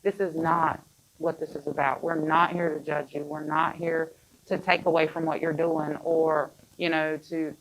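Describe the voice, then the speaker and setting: A woman's voice: low-pitched, flat delivery, moderate pace, slight background noise, low-quality recording. A woman who works in child care, speaking in a plain, conversational way in a panel discussion and repeating words as she thinks.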